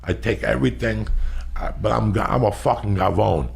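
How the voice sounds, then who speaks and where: A middle-aged man hosting a podcast, telling stories loudly with lots of swearing. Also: fairly low pitch, moderate pace, gravelly, slightly rough. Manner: loud, profane and animated. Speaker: podcast host. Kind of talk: casual storytelling.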